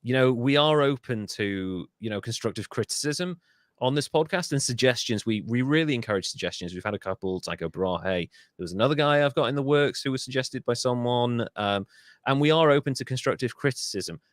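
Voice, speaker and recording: Jokey sweary podcast host. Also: male voice, medium pitch, lively intonation, brisk, no room sound, studio quality. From England. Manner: swears freely, jokey, mimics people in silly voices. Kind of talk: casual podcast chat.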